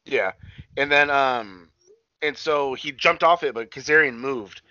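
A man rambles through a loose, profane recap, stumbling over fillers and restarts. His voice is bright and forward. The sound is dry and a little dull, as if from a modest home mic. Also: medium pitch, measured pace, no room sound. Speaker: podcast co-host recapping wrestling. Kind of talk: casual chat.

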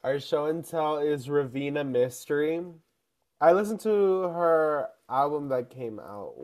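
A man's voice: on the high side, lively intonation, measured pace, darkish tone. A young man co-hosting a podcast in casual chat, chatty and often laughing as he talks. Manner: chatty and giggly, often laughing mid-sentence. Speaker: podcast co-host.

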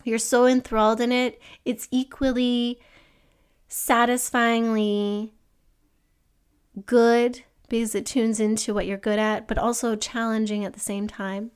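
A woman's voice: measured pace, clear, resonant tone. Woman hosting a reflective solo podcast. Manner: earnest, gently encouraging, asks the listener questions; acts out an excited child in a higher voice. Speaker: podcast host.

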